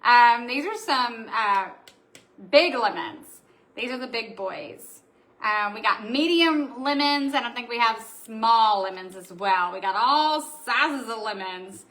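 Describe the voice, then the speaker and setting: Bubbly bright-voiced woman streaming live. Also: a little high, slow, rough recording. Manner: bubbly, excitable, chatty with viewers. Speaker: craft shop owner. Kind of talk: live stream product showing.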